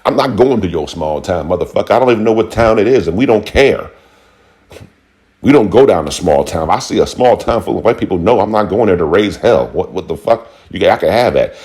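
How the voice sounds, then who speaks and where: A very deep-voiced man from Buffalo, New York, delivering a fiery, profane rant straight to his viewers. He talks hard and fast, slips into mocking voices for the people he argues with, and lets his low voice climb when he gets worked up. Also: animated, a little mellow. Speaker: vlogger. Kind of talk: angry rant to camera.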